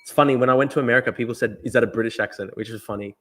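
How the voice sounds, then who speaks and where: Fast-talking, emphatic Australian man. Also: mid-range voice, steady tone, fairly bright tone. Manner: emphatic, profane, repeats himself. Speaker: livestream host. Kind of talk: casual political livestream talk.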